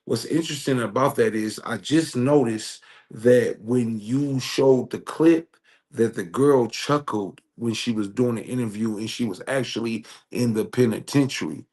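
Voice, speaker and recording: Podcast co-host, male, earnest and preachy, average pitch, repeats himself. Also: unhurried, darkish tone. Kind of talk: casual chat.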